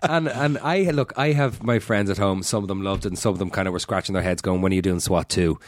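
Low-voiced irish guy rambling candidly in an interview, dry close mic. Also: quick pace, dry recording. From Ireland. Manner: candid, self-deprecating, rambling. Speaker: actor guest. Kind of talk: casual interview chat.

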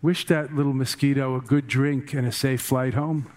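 A man voicing a gentle older male meditation master who gives kindly advice in a measured way. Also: mid-range voice, fairly even intonation, very noisy, close to an everyday voice.

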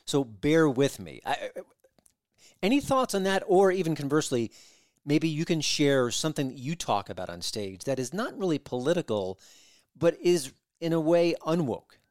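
A man hosting a podcast interview, asking measured, thoughtful questions and building them carefully. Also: a little high, big pitch swings, a little mellow, dry recording, studio quality. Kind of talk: casual interview chat.

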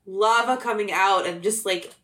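A woman's voice: mid-range voice, moderate pace, a bit bright. A woman hosting a casual movie review podcast, breezy and full of filler "like"s as she runs the segment. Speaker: podcast host.

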